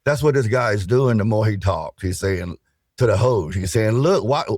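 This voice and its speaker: Middle-aged guy, low folksy voice, kinda dismissive, slow drawn-out talk, dry close mic. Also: a little mellow, dry recording. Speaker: co-host panelist. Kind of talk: casual podcast debate.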